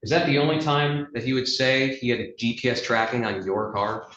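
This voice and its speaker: A man examining a witness in court, asking measured questions and reading out text messages, heard over a video call. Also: medium pitch, fairly bright tone. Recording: roomy, dull video-call audio.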